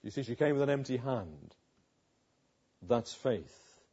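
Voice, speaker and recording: A man preaching a sermon, retelling a story with rhetorical questions and dramatic pauses. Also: medium pitch, lively intonation, darkish tone, husky, lo-fi sound.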